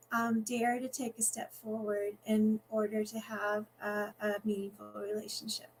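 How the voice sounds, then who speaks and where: Author reading, woman, conversational and halting, higher voice, faint hum in the background. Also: rough recording. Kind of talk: reading from her novel at a book event.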